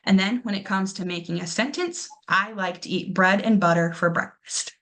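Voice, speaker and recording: Giving a pronunciation lesson, this young teacher speaks at a medium pitch with a fairly bright tone. She repeats every word slowly and offers her students patient encouragement.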